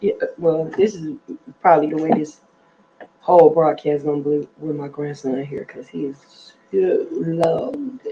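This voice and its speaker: A middle-aged woman with a heavy, slightly gravelly voice that sits on the lower side. She chats casually on a livestream from her apartment. She meanders between thoughts, filling the gaps with plenty of ums. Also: a little slow, dull audio, noisy background. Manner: chatty and meandering, with many fillers and lost trains of thought. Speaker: livestream host. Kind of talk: casual rambling chat. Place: apartment at home.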